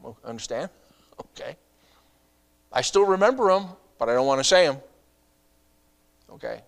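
A middle-aged pastor preaching a sermon in a conversational way, asking the congregation rhetorical questions and adding asides. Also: male voice, medium pitch, expressive, normal speed, gravelly.

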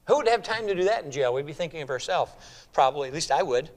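High-voiced emphatic male preacher. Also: animated, fast. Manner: emphatic, swings between loud exclamations and hushed near-whispers; repeats words and phrases for emphasis. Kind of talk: sermon.

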